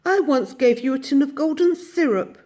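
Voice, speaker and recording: A curious small boy from a storybook, fretful and full of questions, pitched high above the woman reader's usual voice. The tone is soft and mellow. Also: moderate pace, lightly acted.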